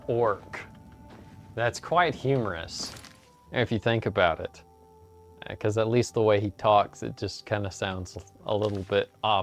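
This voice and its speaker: A man giving relaxed, joking commentary while playing a video game, with frequent "uh"s. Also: fairly low pitch. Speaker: let's play host. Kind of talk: casual gameplay commentary. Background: game music.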